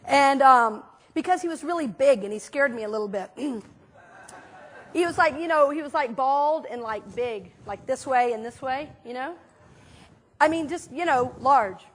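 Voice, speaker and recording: A woman minister giving a conversational sermon, telling stories in a chatty, animated way with many fillers. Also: sits high, normal speed. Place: church sanctuary.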